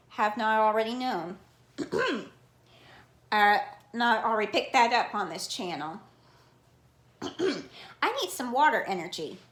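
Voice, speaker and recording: A woman talks in a put-on, cheesy Southern US accent with a slightly high voice. She rambles casually like a vlog host, calling herself Auntie as she chats. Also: a bit bright, echoey room. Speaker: card collecting channel host.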